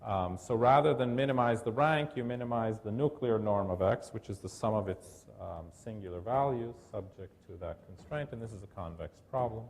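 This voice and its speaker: Man, lecturer, lowish gravelly voice, thoughtful academic talk, lots of ums. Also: moderate pace, hardly any pauses, darkish tone, slight background noise. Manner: thoughtful, with many fillers and restarts. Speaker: workshop lecturer.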